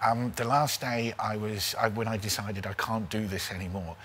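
A man's voice: on the low side, moderate pace. Forties male comedian, chatty anecdote teller, keeps asking "right?", slight background hiss. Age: 40s. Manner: animated, keeps tagging lines with "right?". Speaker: comedian guest. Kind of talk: casual comic storytelling.

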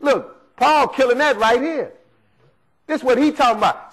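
High-voiced man preaching with emphasis. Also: sing-song, normal speed, fairly bright tone, slightly rough, poor audio. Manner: emphatic, asks the congregation rhetorical questions. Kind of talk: sermon.

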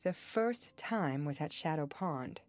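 A gentle, sad young woman, voiced by a female narrator in an audiobook. She speaks softly and hesitantly, with a tender reticence. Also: low voice, animated, slow, dry recording, faint music behind.

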